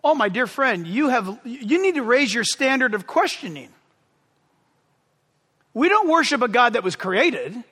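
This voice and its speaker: A man preaching a sermon as pastor, impassioned and yelling at times with excitement. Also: very high voice, unhurried, long pauses, long reverb tail.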